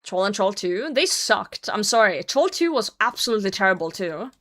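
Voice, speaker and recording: A woman talks to her livestream viewers in a loose, rambling way as she plays. She drifts into rants and swears offhand, and her pitch sits in the middle of the range. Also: sing-song, fairly bright tone. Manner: chatty, rambling, quick to rant and swear. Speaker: livestream host. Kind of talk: casual chat with viewers while gaming.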